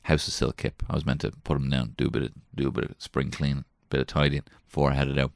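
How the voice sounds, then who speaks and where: A man with a very deep, gravelly voice, recorded close and dry. He rambles through a comic story, swearing freely and laughing at himself. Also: flat delivery, fast, no echo. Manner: swearing, self-mocking, jumps between put-on voices. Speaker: comedian podcast host. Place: small garden shed.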